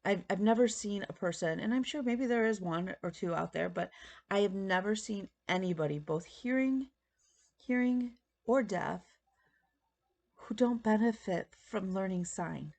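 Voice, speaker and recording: A woman's voice: mid-range voice, unhurried, vocal fry, darkish tone. A woman in her thirties chatting casually to camera as a stitching vlog host, rambling with many ums and restarts. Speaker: flosstube host.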